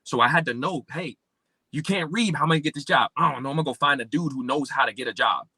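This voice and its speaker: Podcast guest, male, from Pennsylvania; bright, tense voice, slightly high, acts out quoted voices as he tells his story. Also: fast talker, husky, no echo. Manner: acts out remembered dialogue with big pitch swings. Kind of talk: personal storytelling in an interview.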